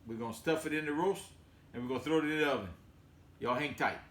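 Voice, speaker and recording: A man's voice: a little high, quick pace, roomy sound, background noise. A man hosting a casual home cooking demonstration, talking in a folksy, rambling way with many fillers. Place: home kitchen.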